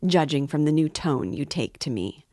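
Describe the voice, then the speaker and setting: A woman's voice: low-pitched, animated, normal speed, dark tone, dry recording, studio quality. A woman reading the part of a pompous, sarcastic middle-aged male suitor in a lofty tone.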